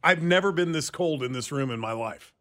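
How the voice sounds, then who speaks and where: Animated man co-host, bright tense tone, quick ribbing banter. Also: a little high. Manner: quick to rib, storytelling, animated. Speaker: radio co-host. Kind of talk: casual on-air banter. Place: radio studio.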